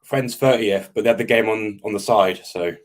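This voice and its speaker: A man joining a live stream as a guest, feeling rough after a night out and giving brief, low-key replies. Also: normal speed.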